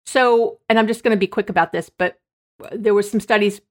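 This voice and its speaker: Chatty, enthusiastic woman hosting a solo podcast, mid-pitched, often breaking off her own sentences. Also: brisk. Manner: chatty, enthusiastic, self-interrupting. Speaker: podcast host. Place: United States.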